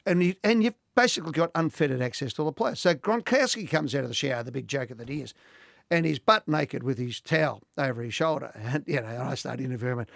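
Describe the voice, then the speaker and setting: Gravelly Australian man telling stories. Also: mid-range voice, fast, dry recording, studio quality. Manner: animated anecdote-telling, laughing often. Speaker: podcast guest. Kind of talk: casual storytelling.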